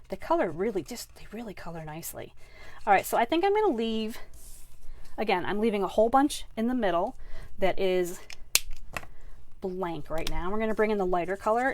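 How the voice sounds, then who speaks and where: Chatty lady walking through a craft demo, rambly, lots of ums and restarts, mid-pitched voice. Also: darkish tone. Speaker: card-making instructor. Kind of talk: casual craft tutorial.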